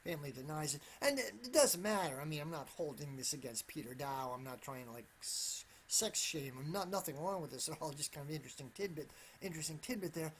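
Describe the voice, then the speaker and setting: A man's voice: fairly high pitch, animated, brisk, few pauses, a little hiss or hum. A man giving solo political commentary, rambling and hedging, often restarting his sentences and stressing his points over and over. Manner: rambling, with frequent restarts and repeated "absolutely"; careful, hedging tone.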